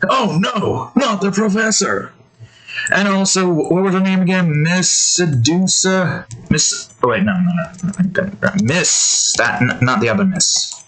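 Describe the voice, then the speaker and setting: A man's voice: high-pitched, measured pace, a bit bright, poor audio. A man rambling and correcting himself as he draws and chats to viewers. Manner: rambling, self-correcting, chaotic. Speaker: host drawing on stream. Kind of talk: casual rambling commentary.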